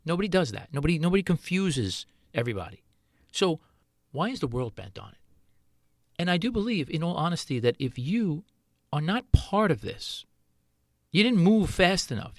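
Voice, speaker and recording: A man's voice: high voice, sing-song, fairly quick, dry recording, clean studio sound. A middle-aged man, a chef hosting his own podcast, talking earnestly in a solo monologue full of rhetorical questions.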